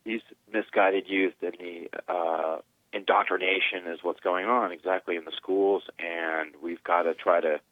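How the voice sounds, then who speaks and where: Male caller, very low voice, earnest rambler; phone-line audio. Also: steady tone, measured pace, no echo. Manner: earnest, rambling, run-on sentences. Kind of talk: phone-in opinion.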